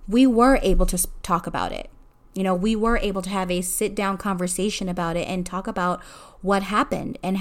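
A middle-aged mother talking earnestly and conversationally about family conflict, with frequent fillers, in a reflective personal talk. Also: mid-range voice. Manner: earnest, conversational, many "you know" fillers. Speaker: mother sharing advice.

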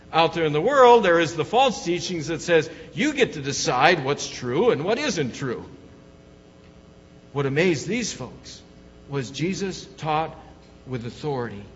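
A man's voice: a little high, a little hiss or hum. A pastor preaching an emphatic sermon, putting questions to his congregation. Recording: long hall reverb, dull lo-fi sound.

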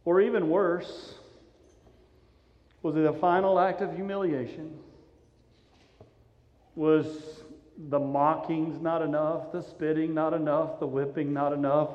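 A high-voiced male pastor delivering a sermon in a dramatic storytelling way, swinging from loud urgency down to hushed softness. His voice rings through a long, echoing church hall. The recording is dull and lo-fi. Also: slow, long pauses. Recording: echoey hall, dull lo-fi sound.

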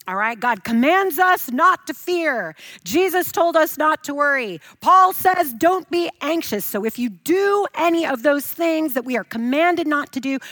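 A woman preaching a sermon, swinging from emphatic, raised lines to soft, hushed reassurance. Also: on the high side, no echo.

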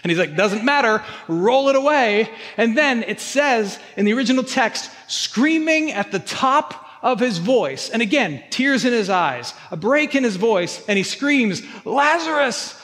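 High-voiced pastor preaching in a reverberant hall. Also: male voice, fairly bright tone. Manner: earnest, repeats words when stressing a point. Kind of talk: sermon.

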